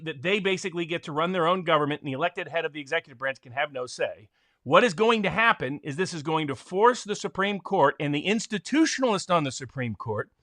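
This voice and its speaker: A man delivering a heated political rant as a co-host, his voice bright and forceful and pitched a little high. He talks in a fast, pushing way, with a dry, close sound and no room around it. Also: no echo. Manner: forceful, ranting, mocking quotes. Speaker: constitutional attorney, co-host. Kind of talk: animated political commentary.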